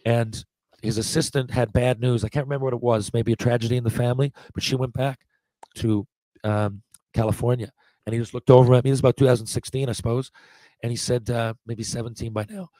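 A man in his forties, a podcast guest, telling lively anecdotes in casual talk, acting out what people said and often restarting his sentences. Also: medium pitch, fast, dry recording. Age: 40s. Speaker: podcast guest, former hockey player. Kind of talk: casual storytelling.

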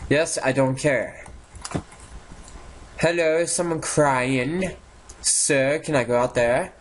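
A young man giving casual, sarcastic commentary while playing a game, swearing often and reacting out loud. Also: medium pitch, slow, a little hiss or hum. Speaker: gaming YouTuber. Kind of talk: casual let's-play commentary.

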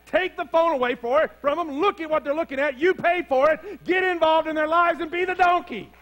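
A man preaches to his congregation in a higher register, leaning into calls and challenges as the fervor builds. A faint mains hum sits under his voice in the church. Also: normal speed, a bit bright, low-quality recording. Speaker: pastor. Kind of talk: sermon. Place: church sanctuary.

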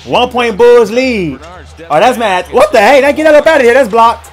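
A young man with a high-pitched voice reacts to basketball highlights in loose, slang-filled play-by-play. He stammers, repeats phrases and laughs along as he hypes each play. Faint music plays underneath. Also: expressive, normal speed. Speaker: sports reaction host. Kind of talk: casual highlight reaction commentary.

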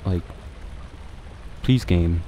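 A man's voice: low-pitched, very slow, mellow. A young man casually commenting on a horror game as he plays, swearing and talking to himself. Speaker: let's play gamer.

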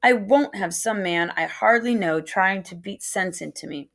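A woman teacher reading a novel aloud to a class in a steady first-person storytelling way. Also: medium pitch, normal speed, creaky.

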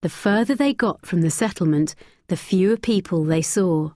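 A woman narrating a graded-reader story slowly, clearly and expressively. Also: on the low side, warm tone, dry recording, studio quality.

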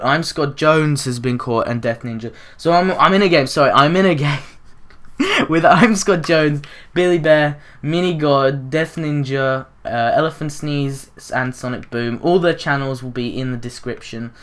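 Young man, gaming YouTuber, rambling excitable commentary with gasps and giggles. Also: fairly high pitch, normal speed. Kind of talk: casual gameplay commentary.

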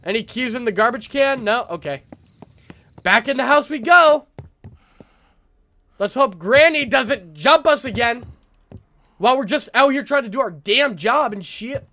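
A man streaming a horror game, talking to his chat with frantic, profane yelling reactions. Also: very high voice, lively intonation, measured pace, long pauses. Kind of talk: live gameplay commentary to chat.

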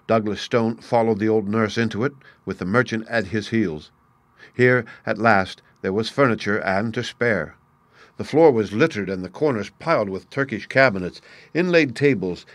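A man narrating a classic story aloud in a steady, clear storytelling manner. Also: lowish voice, dry recording.

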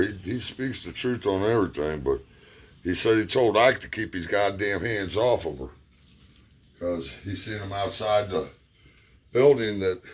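A man telling a personal story in a laid-back, profane, rambling way. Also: deep voice. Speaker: vlogger. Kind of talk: casual storytelling.

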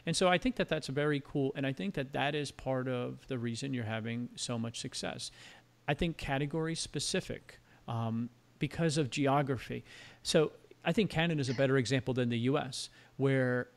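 A man hosts a relaxed podcast interview at a middling pitch. His voice has a strong gravelly fry, and he talks in eager, rambling asides. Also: moderate pace. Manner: chatty, enthusiastic, rambling. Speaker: podcast host.

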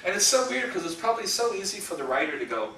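In an echoey school lecture room, heard through a distant mic with faint hiss, the middle-aged storyboard artist talks fast in a high, sharp voice with big pitch swings. His casual guest lecture rambles through anecdotes, full of laughter and acted-out quotes.

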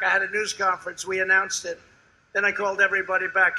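A man's voice: high-pitched, little pitch movement, fast, low-quality recording. Brash older man speaking at a rally. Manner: boastful, rambling, repetitive, shifts between loud shouting and hushed asides. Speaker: politician at a campaign rally. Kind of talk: rally speech. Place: outdoor rally before a large crowd.

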